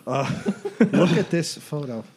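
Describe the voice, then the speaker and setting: A man co-hosting a podcast, telling a crude, rambling joke with loud acted punchlines. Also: on the high side, slow, slightly rough. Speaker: podcast co-host. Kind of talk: casual banter and joke telling.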